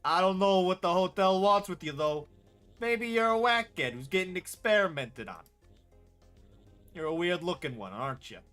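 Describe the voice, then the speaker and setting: A man voicing a gruff, suspicious male hotel guest with a New York accent, brash and mocking, with loud outbursts. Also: sits high, animated, normal speed, faint music behind.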